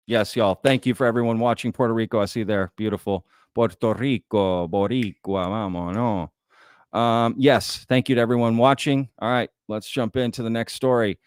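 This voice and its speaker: A man's voice: medium pitch, clear, resonant tone, no echo, studio quality. A man from Texas hosting a live-stream news show, chatting casually and reading out viewers' messages in a folksy way. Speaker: host.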